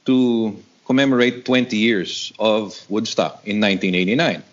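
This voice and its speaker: A man from the Philippines in his sixties, telling stories in a casual interview, who acts out the other people in a higher voice. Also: moderate pace. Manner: animated, acts out quoted voices in a higher pitch. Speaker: guest rock vocalist. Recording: dull lo-fi audio.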